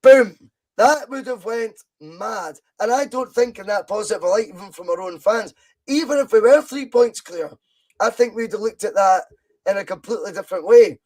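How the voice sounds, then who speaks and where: Over a video call with low-quality audio, a high-pitched Scottish man in his thirties hosts a casual football podcast. His talk is excitable, full of swearing, and rambles around.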